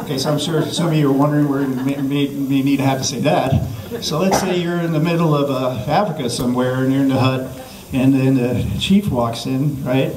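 A man's voice: medium pitch, fairly even intonation, a little fast, few pauses, crowd noise. A man giving a jokey mock language lesson, rambling and restarting himself with constant okays. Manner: rambling, self-interrupting, lots of okays. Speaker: comedic language teacher. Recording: echoey room, distant mic.

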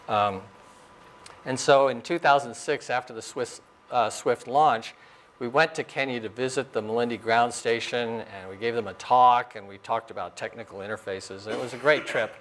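A man in his sixties, raised in Arizona, giving a relaxed lecture about his career, full of fillers and small chuckles. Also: medium pitch, moderate pace, slight background noise. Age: 60s. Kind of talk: informal lecture. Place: lecture room.

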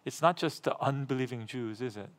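Middle-aged male pastor, preaching emphatically, repeats words, mid-range pitch. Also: a little fast. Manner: emphatic, repeats phrases, asks the congregation rhetorical questions; gets louder and higher when reading scripture aloud. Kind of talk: sermon.

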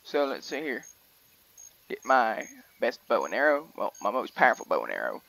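A man's voice: mid-range voice, huge pitch swings, normal speed, creaky, pushed and bright, dry recording, rough recording. A young man, rambling and chatty as he gives casual commentary on a hunting game, often correcting himself mid-sentence. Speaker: gaming video host.

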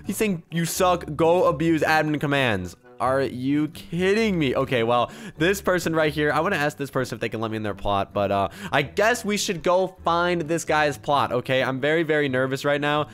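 A young man giving excited gameplay commentary as a video host, jumping between hushed muttering and sudden shouts. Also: on the high side, a little fast, few pauses. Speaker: gaming YouTuber.

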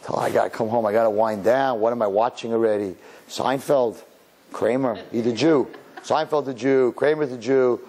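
Middle-aged male rabbi, husky, animated sermon storyteller who quotes himself. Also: mid-range voice, moderate pace.

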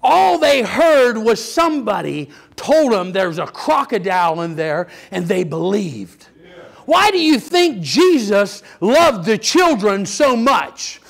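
An older man preaching a sermon, telling stories with lively energy and sudden shouts. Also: high-pitched, slow, vocal fry. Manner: animated storytelling, acts out children's voices, bursts into shouts. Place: church sanctuary.

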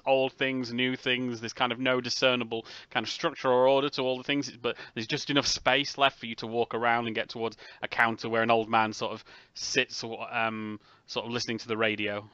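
Bright-voiced man narrating as game master. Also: mid-range voice, smooth, dry recording. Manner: halting, many fillers. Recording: dull lo-fi recording.

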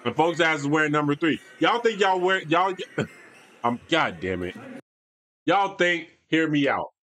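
A man's voice: on the high side, lively intonation, unhurried, a bit bright, a little hiss or hum. A young man giving casual, slangy reaction commentary on a basketball video, with mumbled asides. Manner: laid-back slangy banter, mumbles asides.

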